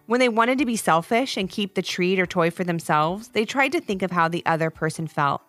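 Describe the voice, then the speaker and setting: Expressive woman reading a children's story. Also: fairly low pitch, fairly quick, no room sound, faint music behind.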